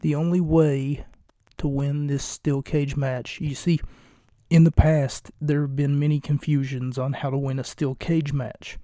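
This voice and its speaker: A man hosting a casual solo wrestling podcast late at night, talking in a hushed, jokey, rambling way from a home recording space. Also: fairly high pitch, level tone, a little slow, no room sound, clean studio sound. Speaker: podcast host.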